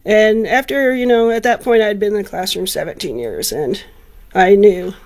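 A middle-aged woman with an ordinary mid-pitched voice tells a personal story in an interview. She speaks earnestly and with feeling, often restarting her sentences as she goes. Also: darkish tone. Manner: earnest, heartfelt, halting restarts. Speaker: teacher and foster parent, author guest.

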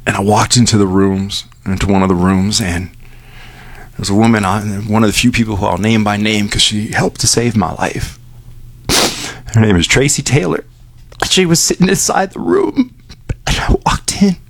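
Candid low-voiced man telling his story on radio. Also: moderate pace, dry recording. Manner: candid storytelling, acts out dialogue with lifted pitch. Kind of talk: personal testimony on radio. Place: radio station studio.

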